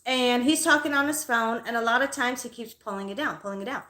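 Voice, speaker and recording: A woman's voice: on the high side, quick pace, sharp tone. Fired-up, profane woman ranting in echo. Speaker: psychic reader hosting a live stream. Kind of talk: angry storytelling on a live stream. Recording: echoey room.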